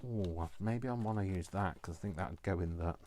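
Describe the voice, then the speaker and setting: A man in his fifties talks through a live crafting session from his kitchen at home. His voice sits fairly low. He rambles from one idea to the next and drops playful asides as he goes. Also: normal speed, darkish tone, slight background noise. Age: 50s. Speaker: crafting vlogger. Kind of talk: live casual crafting chat.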